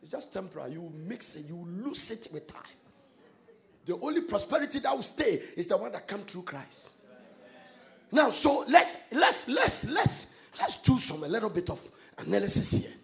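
A man preaching a sermon, swinging between quiet asides and loud, sung-out lines. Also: sits high, very animated, moderate pace, vocal fry. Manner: emphatic preaching with sudden shouted, sung-out phrases and laughter. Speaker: pastor.

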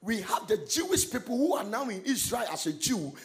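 High-voiced, gravelly preacher man. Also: big pitch swings, brisk. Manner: emphatic preaching with sudden shouted, sung-out phrases and laughter. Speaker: pastor. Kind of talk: sermon.

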